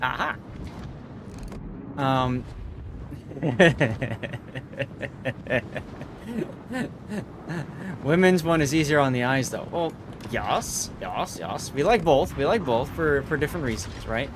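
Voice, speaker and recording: A man's voice: medium pitch, expressive, takes it slowly, long pauses, noisy background. A man streaming a naval battle game, chatting casually with viewers, laughing often and repeating his words.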